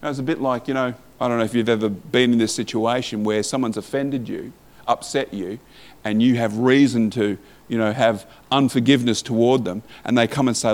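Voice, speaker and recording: A man's voice: mid-range voice, fairly even intonation, a little fast. A man preaching a sermon in a conversational way, reading scripture aloud and asking the listeners questions.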